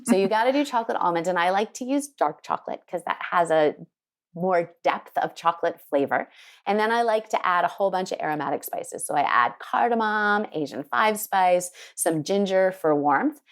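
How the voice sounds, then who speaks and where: A woman winemaker telling an animated story in an interview, acting out the people she quotes. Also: on the low side, moderate pace. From United States. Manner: lively, quotes people in put-on voices. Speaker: winemaker guest. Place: her home in Sonoma County.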